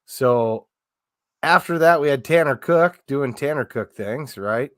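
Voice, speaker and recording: A man co-hosting a relaxed sports podcast. He rambles through his stories with plenty of fillers and false starts. His voice sits at an ordinary pitch, and it is recorded dry and close with no room sound. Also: measured pace, dry recording. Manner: rambling storyteller, lots of fillers and restarts. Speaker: podcast co-host. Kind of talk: casual sports chat.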